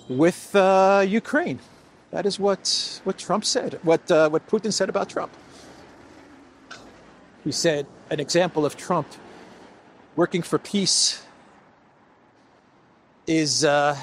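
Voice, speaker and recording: A man's voice: a little high, creaky, slight background noise. A man giving mocking, rambling political commentary while walking through an indoor food court, recorded on a handheld phone. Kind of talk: casual walk-and-talk vlog.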